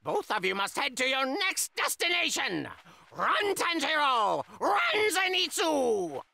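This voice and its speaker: A woman's voice: high voice, big pitch swings, slow, vocal fry, pushed and bright, no echo, full character voice. A woman voicing a bossy talking messenger crow that barks orders over and over. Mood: commanding. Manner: barks orders, repeats commands.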